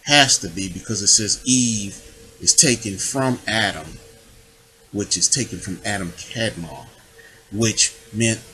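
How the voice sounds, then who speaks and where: A man's voice: lowish voice, bright, forceful tone, rough recording. A man giving a rambling spiritual monologue, digressive and full of rhetorical questions. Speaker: public official making his own videos.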